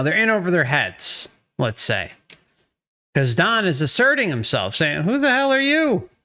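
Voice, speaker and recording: A man commenting on a played clip, pressing his points by repeating them and cheering the speaker on. His voice is bright and a little high, and he speaks slowly. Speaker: channel host commenting on a clip. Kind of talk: video commentary.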